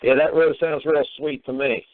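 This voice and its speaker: A man's voice: fairly high pitch, fairly even intonation, brisk. A man hosting a call-in radio show, ranting in an exasperated, profane way. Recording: tinny phone-line radio audio.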